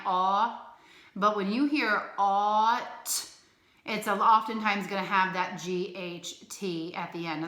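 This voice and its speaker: A woman teaches young children phonics from a room at home, speaking slowly and clearly with bright, ringing tone. She breaks into chanted letter sounds as she walks through each example. The room gives her voice a noticeable echo. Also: medium pitch. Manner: slow, clear, encouraging, with sung chants.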